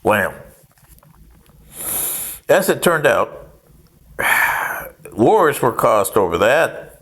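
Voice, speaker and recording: A man's voice: mid-range voice, sing-song, drawn-out words, a bit bright. A man, older, giving a rambling history monologue with sarcastic, mocking asides.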